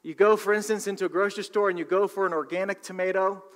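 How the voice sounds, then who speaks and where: A man voicing a teenage boy doing stand-up comedy, with a dry, slow, deadpan delivery. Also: high voice, natural voice. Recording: long reverb of a large hall.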